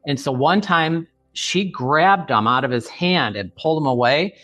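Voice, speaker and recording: Man in his fifties, earnest, halting, restarts often, dry sound, faint music behind. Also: on the high side, expressive, fairly bright tone, no echo. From Chicago area. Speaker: author guest. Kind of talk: podcast interview.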